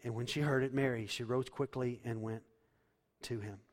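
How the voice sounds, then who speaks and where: A man preaching a sermon, reading scripture and explaining it, at times building to loud emphatic passages. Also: medium pitch, steady tone, normal speed, in a large hall. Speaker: pastor.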